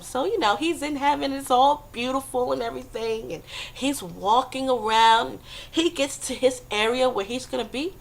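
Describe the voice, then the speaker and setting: A woman's voice: sits high, normal speed, vocal fry. A woman vlogger giving a casual comedic monologue, chatty, often checking in with the listener. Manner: chatty, repeats "okay" and "come on now".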